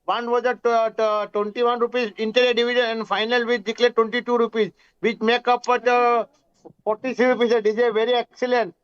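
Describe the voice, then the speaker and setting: A man's voice: extremely high pitch, level tone, a little fast, clear, resonant tone. An Indian man speaking as a shareholder over a video call, deferential, calling everyone "sir" and slipping into Hindi. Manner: deferential, says "sir" constantly, mixes in Hindi. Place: Mumbai. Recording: dull lo-fi call audio.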